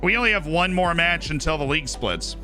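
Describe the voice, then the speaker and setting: A man's voice: a little high, animated, a little fast, sharp tone, soft background music. A man streamer giving casual, upbeat commentary on his game and thanking viewers by name. He is tired and his voice is starting to go.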